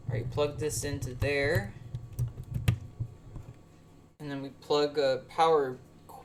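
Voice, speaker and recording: Low-voiced woman streamer muttering to herself. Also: steady tone, takes it slowly, background noise. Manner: mutters to herself and swears while fiddling with hardware. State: ill with COVID. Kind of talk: casual livestream chat.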